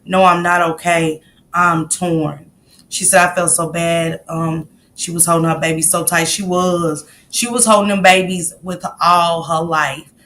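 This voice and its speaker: A woman's voice: on the low side, fairly even intonation, measured pace, fairly bright tone, slight background noise. A woman hosting a live stream, talking emotionally to her viewers and greeting them by name as she comments.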